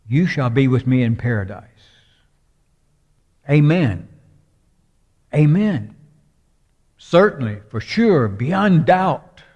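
Slow, emphatic preacher in a reverberant hall. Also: male voice, medium pitch, a little mellow. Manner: slow and emphatic, voice swelling on key words. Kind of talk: sermon. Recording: dull sound with long hall reverb.

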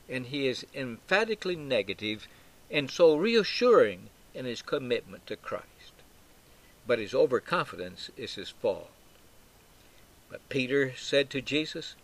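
Slow, emphatic male Bible teacher. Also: mid-range voice, expressive. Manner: slow, emphatic, with swells on quoted lines. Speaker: preacher.

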